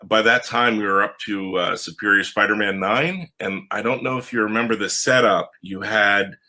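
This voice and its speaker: A man, a comic book writer, telling stories in an animated podcast conversation and acting out the voices of the people in them. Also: moderate pace. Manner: animated, acts out quoted voices with big pitch jumps. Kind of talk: animated storytelling in a podcast interview.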